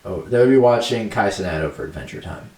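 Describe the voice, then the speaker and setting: Young man, deep voice, rambling casual podcast talk, roomy echo, away from the mic. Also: lively intonation, fast, darkish tone, far from the mic. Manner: rambling, lots of fillers, laughs easily. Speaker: podcast co-host. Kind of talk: casual chat.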